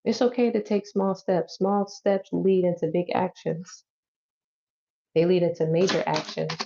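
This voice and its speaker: Woman, chatty tarot reader, relaxed dark tone, muffled lo-fi sound. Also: fairly low pitch, vocal fry, a little hiss or hum. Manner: loose, chatty, swears and laughs easily. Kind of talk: casual tarot reading to camera. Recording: dull lo-fi audio.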